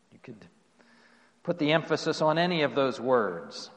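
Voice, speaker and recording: A man preaching a sermon earnestly, asking rising questions and letting phrases fall away softly. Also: medium pitch, very animated, normal speed. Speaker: pastor. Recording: long reverb of a hall.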